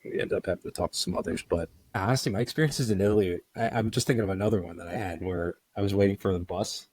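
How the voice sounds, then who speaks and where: An American man co-hosting a podcast, telling a long story in a rambling, animated way, full of "I was like". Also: deep voice, fast talker, dry recording. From United States. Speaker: podcast co-host. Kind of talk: casual storytelling chat.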